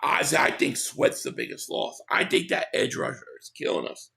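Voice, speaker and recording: A man hosting a casual live stream, hoarse from losing his voice, who reads out viewer comments and gives blunt opinions. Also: bright, forceful tone. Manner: opinionated, quick agreement with viewers.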